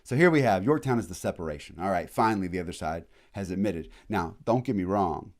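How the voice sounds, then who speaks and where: Animated casual male history lecturer. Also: low voice. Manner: animated, slangy, acts out historical figures in quick asides.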